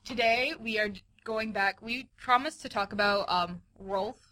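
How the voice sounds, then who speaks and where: Young woman cohosting a chatty podcast, bright voice, goofy and teasing. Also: on the high side, measured pace. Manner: playful, jokey. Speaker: podcast co-host. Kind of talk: casual chat.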